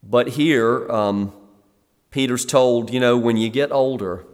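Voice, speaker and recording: A middle-aged male pastor preaching in a relaxed, conversational way, at an everyday mid pitch. He explains the text and brightens when he acts out the people in the story. His voice carries a long reverb, as in a church sanctuary. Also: slow pace. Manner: conversational, acts out the scene in lively quoted asides. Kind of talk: expository sermon.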